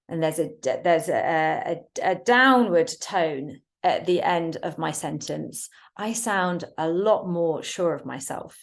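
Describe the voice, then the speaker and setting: Clear, emphatic woman coaching a webinar. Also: fairly low pitch, expressive. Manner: clear, emphatic delivery with deliberate pauses. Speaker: communication trainer. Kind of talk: webinar teaching.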